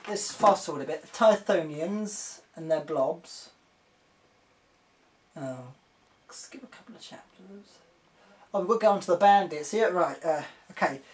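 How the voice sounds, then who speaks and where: A woman giving a casual spoken review, excitable and rambling, often giggling as she talks. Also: low-pitched. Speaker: video reviewer.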